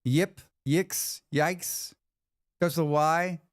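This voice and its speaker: A man's voice: on the high side, fairly even intonation, very slow, no echo, studio quality. A man hosting a game livestream, rambling casually and reading out chat messages. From United States. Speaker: livestream host. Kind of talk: casual chat with chat while gaming.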